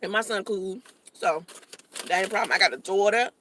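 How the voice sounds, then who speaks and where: A woman's voice: medium pitch, brisk, pushed and bright, a little hiss or hum. A young woman vlogging casually from her parked car while eating, chatty and joking, talking with her mouth full.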